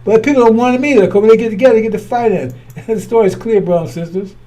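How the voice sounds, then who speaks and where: A man's voice: high voice, fast talker, mellow. A man preaching in a blunt, scornful way, often repeating and restarting his words. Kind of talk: fiery preaching.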